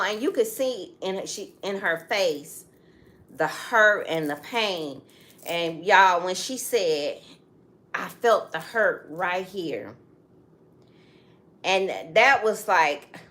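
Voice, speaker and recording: A woman's voice: mid-range voice, fairly bright tone. A middle-aged woman co-hosting a casual talk show, telling a story emphatically and turning to the audience with direct asides. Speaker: co-host. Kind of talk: casual chat.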